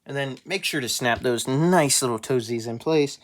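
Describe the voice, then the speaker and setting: A man's voice: mid-range voice, moderate pace. A man giving a casual toy review as a small YouTuber collector, rambling and joking at his own expense. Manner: rambling, joking, self-deprecating.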